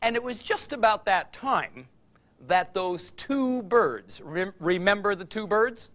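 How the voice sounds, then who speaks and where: A man telling a story for all ages in an animated way, chuckling along with the tale. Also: high voice, slow.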